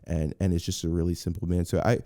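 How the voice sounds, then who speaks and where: A man's voice: sits low, fast talker, dry recording, clean studio sound. A man as a podcast guest, telling a story in casual chat, acting out what people said and restarting his sentences often. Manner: animated, acts out quotes, frequent restarts.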